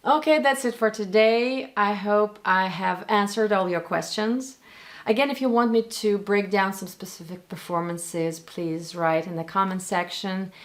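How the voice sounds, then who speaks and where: A woman from Russia, a native speaker of Russian, talking in English with a Russian accent as she casually breaks down actors' accents for her viewers in an animated, direct way. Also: mid-range voice, unhurried, faint music behind. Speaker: language and accent teacher. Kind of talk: casual commentary on film accents.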